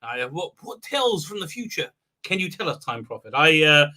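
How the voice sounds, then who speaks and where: A man hosting a casual livestream, chatting with viewers in a rambling, excitable way and laughing often. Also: on the high side, moderate pace. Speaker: livestream host; rabbi. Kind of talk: casual live-stream chat reading viewer comments.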